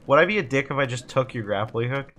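A man's voice: medium pitch, expressive, fast, fairly bright tone, a little hiss or hum. A man hosting a casual multiplayer gaming chat, jokey and bossy about the mission, swearing freely. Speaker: gaming channel host.

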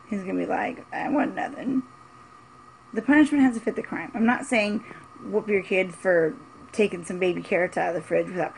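Mom vlogger in her forties with a fry-edged voice, speaking bluntly and repeating her points. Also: lowish voice, slight background noise. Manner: emphatic, blunt and repetitive. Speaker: mother vlogger. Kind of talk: casual opinion vlog.

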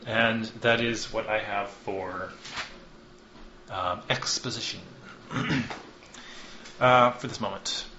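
A man with a fairly low but bright, forceful voice narrates as game master, loose and self-mocking, with casual swearing. The recording is dull and lo-fi with a noticeable room echo. Faint hiss sits behind it. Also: takes it slowly, long pauses. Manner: loose, joking, swears and laughs at himself.

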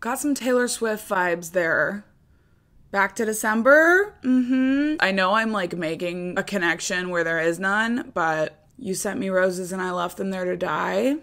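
A young woman hosting a casual music reaction vlog, gushing and excitable, trailing off mid-thought. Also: on the low side, a little slow, hardly any pauses. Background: music playing.

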